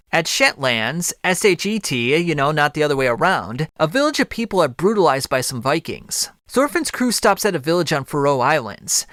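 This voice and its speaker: Lively man narrating a manga recap. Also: on the high side, dry recording, studio quality. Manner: lively storytelling with joking asides. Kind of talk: casual scripted recap narration.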